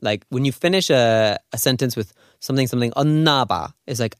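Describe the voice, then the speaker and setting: A man's voice: medium pitch, quick pace, no echo, clean studio sound. A man hosting a radio language lesson in an upbeat, casual, chatty way. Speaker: radio host and Korean teacher. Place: radio studio.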